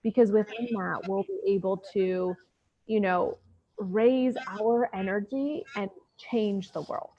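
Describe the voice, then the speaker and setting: A woman's voice: mid-range voice, fairly even intonation, slow pace, dark tone, slight background noise. A woman hosting a casual chat who asks rambling, effusive questions over a video call. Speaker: host. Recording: dull lo-fi audio.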